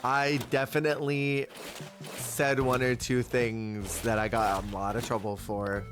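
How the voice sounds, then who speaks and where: A man streaming a cozy game, chatting casually, answering his chat and laughing often. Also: mid-range voice. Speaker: Twitch streamer. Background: game music.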